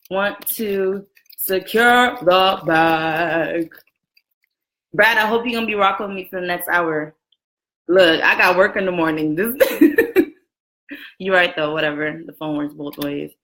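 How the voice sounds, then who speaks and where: A woman in her twenties hosting a casual live video chat from a room at home, chatty and lively, greeting viewers by name and laughing often. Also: lowish voice, takes it slowly, long pauses. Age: 20s. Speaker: livestream host. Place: room at home with a roommate next door. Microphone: camera and phone set up for a live stream.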